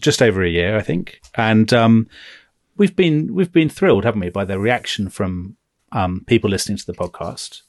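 A man's voice: lowish voice, sing-song, a little fast, creaky, a little mellow, no echo, clean studio sound. A man co-hosting a history podcast, chatty and teasing, with lots of fillers. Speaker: podcast co-host.

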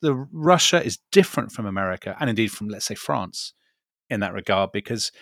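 A man's voice: lowish voice, expressive, a little fast, creaky, fairly bright tone, dry recording. Dry-sounding male podcast co-host. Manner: teasing, asks probing follow-up questions. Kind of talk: casual conversational chat.

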